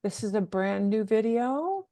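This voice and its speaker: A woman teaching Spanish takes her time, explaining each point slowly and patiently. She repeats words for her learners and slips Spanish phrases into her English. Her voice is recorded dry and close, with no room sound. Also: on the high side, animated, mellow, no echo. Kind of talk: recorded class lesson.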